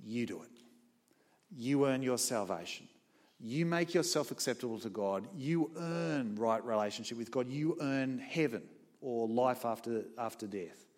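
A man's voice: lively intonation, measured pace. Emphatic preacher, man. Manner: emphatic, swings between soft low asides and loud raised points. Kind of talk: sermon. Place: church.

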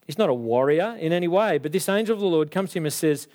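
A young adult man preaching a sermon, animated and acting out the voices of biblical figures. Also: on the high side, quick pace.

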